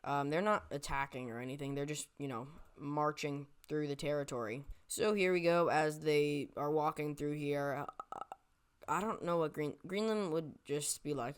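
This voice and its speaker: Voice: mid-range voice, moderate pace, clear, resonant tone. A voice narrating a made-up map scenario in a casual, rambling way, often stopping to correct itself and tossing in jokey asides. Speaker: map video creator.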